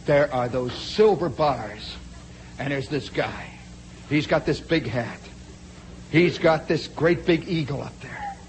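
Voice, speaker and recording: A man telling a long first-person story in a dramatic, animated way, jumping from loud bursts to hushed asides and speaking straight to his listeners. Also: on the high side, slow, slight background noise, rough recording. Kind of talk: spoken storytelling monologue.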